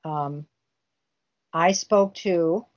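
A woman's voice: fairly low pitch, extremely slow, lo-fi sound. A woman guest telling a family story intensely, acting out the quoted dialogue herself. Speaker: guest recounting a family case. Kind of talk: emotional storytelling interview.

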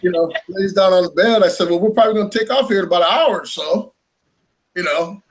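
A man casually telling a fishing tournament story, animated and laughing as he acts out what was said. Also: sits high, fast talker, background noise.

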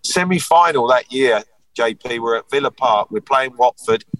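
A man's voice: medium pitch, lively intonation, moderate pace, a bit bright, no echo, recorded from a distance, low-quality recording. A man in his sixties, a former footballer, reminiscing earnestly in a casual podcast chat. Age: 60s.

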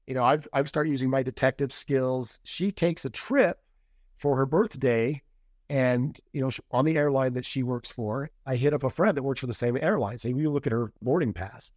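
Middle-aged man, podcast guest, candid storytelling, mid-pitched voice, dry close sound. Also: normal speed, a little mellow, no room sound. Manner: candid, acts out quoted dialogue. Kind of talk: casual interview storytelling.

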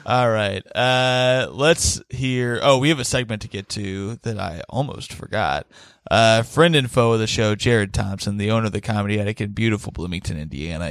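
A man's voice: lowish voice, normal speed, few pauses, a bit bright, clean tone, no echo. A man co-hosting a podcast in casual chat, rambling with hesitations and easy laughter. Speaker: podcast co-host.

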